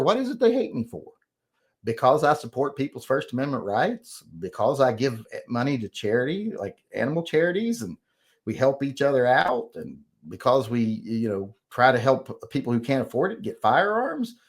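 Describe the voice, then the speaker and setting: A middle-aged man talks through a loose livestream chat in a rambling, profane, grumbling way. His pitch swings up and down a lot as he goes. He sounds defensive about his critics. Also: sing-song, normal speed, husky. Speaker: host.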